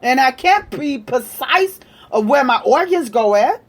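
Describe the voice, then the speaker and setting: A woman with a high voice that swings widely in pitch, giving an angry political rant. She swears freely and hammers her points home by repeating them, and she does not rush her delivery. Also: animated, a little slow. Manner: heated and profane, with emphatic repetition. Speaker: political commentator.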